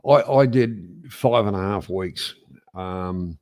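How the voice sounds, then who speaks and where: A man's voice: deep voice, a little mellow. Guy host teasing his guest, keeps restarting his sentences. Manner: teasing, halting with repeated restarts. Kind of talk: casual chat.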